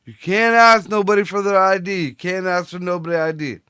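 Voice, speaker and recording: Male co-host, high bright crisp voice, swears and laughs, dry close mic. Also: brisk, no room sound. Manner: swearing, laughing, gets loud when excited. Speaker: podcast co-host. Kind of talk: casual profane chat.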